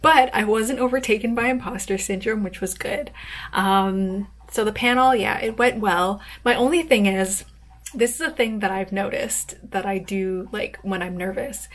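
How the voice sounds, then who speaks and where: A woman author chatting casually in a vlog, rambling with lots of fillers and soft laughs. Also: mid-range voice, fairly even intonation, moderate pace. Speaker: author vlogger.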